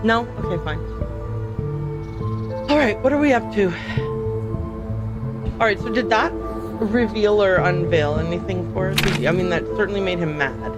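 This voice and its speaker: A woman's voice: mid-range voice, a little slow, long pauses. Chatty woman streaming a game. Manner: chatty, self-mocking, thinks aloud. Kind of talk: casual gameplay livestream commentary. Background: game music.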